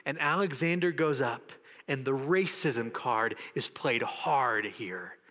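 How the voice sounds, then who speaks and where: A man preaching a sermon as pastor, animated and acting out the voices of people in the story. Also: medium pitch, slow, big-room sound.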